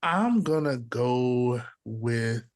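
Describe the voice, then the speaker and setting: A man on a podcast panel, relaxed and hesitant, with many fillers. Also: mid-range voice, very slow, dry recording, studio quality. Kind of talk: casual podcast chat.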